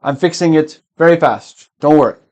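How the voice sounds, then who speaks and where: A man voicing a flustered, apologetic male office worker in a teaching skit, hurried and eager to please. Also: a little high, warm tone, lightly acted.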